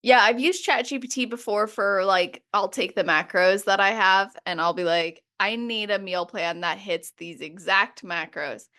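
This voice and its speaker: A woman hosting a podcast interview, upbeat and animated, talking quickly with lots of "like". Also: mid-range voice. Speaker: podcast host. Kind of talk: casual interview chat.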